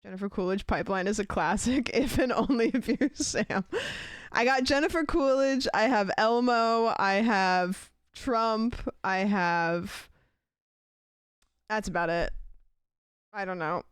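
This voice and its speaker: A woman's voice: mid-range voice, measured pace, clear, resonant tone, no room sound, clean studio sound. A young woman chatting casually on a live stream, giggling often and reacting aloud to clips.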